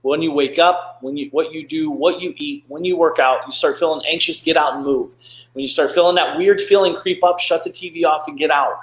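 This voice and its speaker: A man's voice: a little high, steady tone, brisk, echoey room, poor audio. A man hosting a live stream, reading viewer comments and giving earnest, rambling motivational advice with many fillers and restarts. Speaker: host of a live motivational show.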